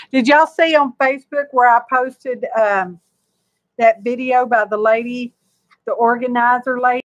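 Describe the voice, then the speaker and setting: This woman, host of a crafting channel, has a fairly high voice recorded with no room sound. As she works through a live demonstration, she chats in a homey, rambling manner to herself and her audience.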